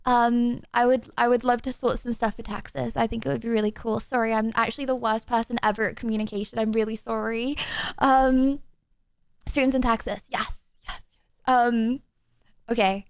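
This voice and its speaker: Casual excitable woman streamer, high voice, super dry sound, keeps apologizing. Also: moderate pace, clear, resonant tone, no room sound. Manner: excitable, rambling, often apologizing. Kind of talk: casual chat with viewers.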